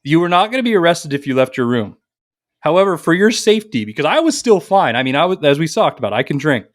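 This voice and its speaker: A man co-hosts a casual podcast with a lively, wide-ranging voice that sits a little high. He tells a rowdy story in a relaxed, profane way and keeps slipping into the voices of the people in it. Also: quick pace, no echo, studio quality. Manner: animated, profane, acts out quotes. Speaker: podcast co-host.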